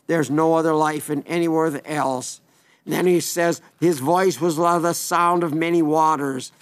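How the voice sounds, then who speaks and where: A man preaching an evangelistic sermon in an earnest, pleading way, often repeating phrases and restarting sentences. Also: on the high side.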